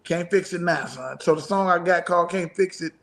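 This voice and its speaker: A man's voice: high-pitched, brisk, creaky, a bit bright. A middle-aged man, a musician guest in a casual interview, talking in a rambling, profane way and laughing often.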